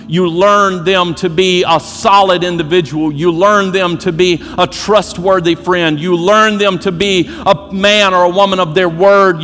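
A man preaching a sermon as pastor, building to shouted emphasis and repeating his phrases. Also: sits high, big-room sound. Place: church sanctuary.

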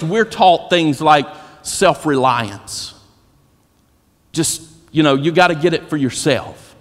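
A man preaching a sermon as pastor, building to shouted emphasis and repeating his phrases. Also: a little high, big-room sound. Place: church sanctuary.

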